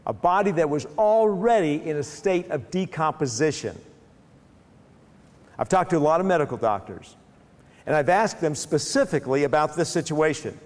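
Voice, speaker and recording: A man's voice: a little high, normal speed. Man telling a Bible story in a long echo. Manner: animated storytelling with restarts. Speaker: speaker.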